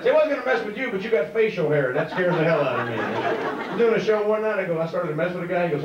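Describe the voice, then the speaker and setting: A brash male stand-up comic in his thirties, pitched high and swinging his voice wildly as he rattles through his stories. He works the room with quick asides to the crowd. The sound is a dull, echoey club recording taken from a distance, with loud crowd noise and laughter behind him. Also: big pitch swings. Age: 30s. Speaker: stand-up comedian. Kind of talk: stand-up comedy set. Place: comedy club stage before a laughing audience.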